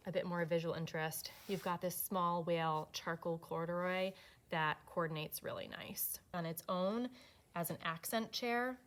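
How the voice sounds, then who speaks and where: A woman presenting furniture fabrics, explaining design options step by step in a practical way. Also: lowish voice. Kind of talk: product walkthrough.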